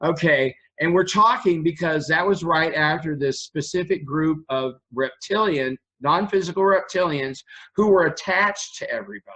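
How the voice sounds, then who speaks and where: Guest, man with a runny nose, raised pitch, rambling chatty storyteller. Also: normal speed, bright, forceful tone, low-quality recording. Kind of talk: casual storytelling interview.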